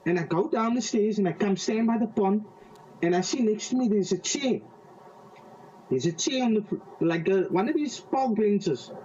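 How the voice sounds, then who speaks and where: High-voiced man telling a dream testimony. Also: lively intonation, warm tone. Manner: halting, with frequent repeated words and restarts; slow and vivid when describing a dream. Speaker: interviewee giving a faith testimony. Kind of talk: personal testimony storytelling. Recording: slightly distant, dull lo-fi audio.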